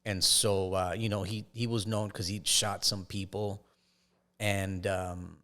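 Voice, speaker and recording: A man, a podcast guest, telling his life story in a casual, halting way with frequent restarts. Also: low-pitched, little pitch movement, sharp tone.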